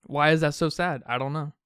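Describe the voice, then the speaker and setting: Fairly high-voiced man chatting about film. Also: fairly bright tone, clear, resonant tone, dry recording, studio quality. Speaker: podcast co-host. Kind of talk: casual film discussion.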